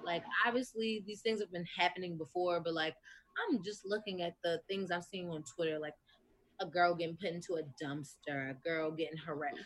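A woman in a heated casual group discussion, talking emphatically and getting louder when outraged. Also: on the low side, steady tone, a little fast.

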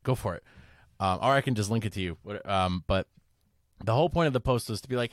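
A man's voice: fairly low pitch, fast, dry recording, studio quality. A man hosting a podcast, talking casually in a rambling way with restarts and lots of "like". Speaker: podcast host. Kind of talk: casual discussion.

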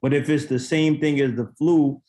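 Male podcast co-host, mellow dark tone, blunt and skeptical. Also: a little high, fairly even intonation, moderate pace. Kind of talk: casual debate.

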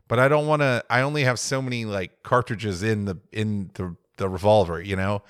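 A young man co-hosting a podcast tells a rambling, reflective story with plenty of restarts. His voice sits low and comes through smooth and clean. The recording is close and dry, with no room sound. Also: fairly quick, few pauses, no room sound. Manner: rambling, reflective, self-interrupting. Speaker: podcast co-host. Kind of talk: casual storytelling.

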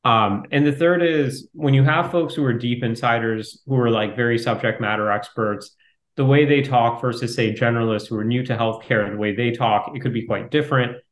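A man answering interview questions as a startup investor, talking quickly and in a fairly flat way. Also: mid-range voice. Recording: roomy echo.

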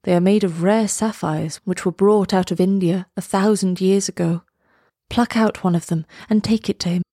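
A woman reading aloud voices a gentle, sorrowful male statue prince in a soft, solemn, measured tone. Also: mid-range voice, steady tone, no room sound, clean studio sound, close to an everyday voice.

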